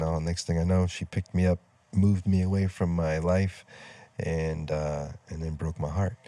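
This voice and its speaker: A middle-aged man tells a long personal story in a casual, meandering way, with many ums and side tracks. His voice is low and dark-toned. He sounds close and dry outdoors. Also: no room sound. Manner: rambling, loses his train of thought, many fillers. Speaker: storyteller vlogger. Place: outdoors near trees.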